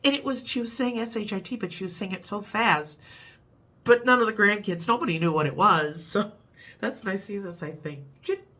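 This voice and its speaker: A woman's voice: mid-range voice, a little fast, fairly bright tone. A middle-aged woman with a Midwestern American accent, chatting casually to camera in a rambling way and laughing at her own stories. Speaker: vlogger.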